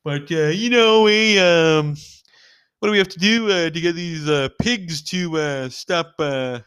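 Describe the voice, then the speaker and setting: A man putting on the voice of a stoned male hippie activist, drawling slowly with lots of "uh" and "you know, eh", pitched above his own voice. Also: a bit bright, clean tone, dry recording.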